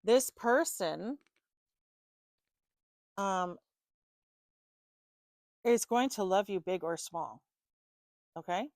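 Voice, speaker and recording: A woman's voice: medium pitch, animated, drawn-out words, pauses often, a little mellow, no echo. A woman giving a loose, chatty tarot reading to the viewer, full of fillers and casual swearing. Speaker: tarot reader.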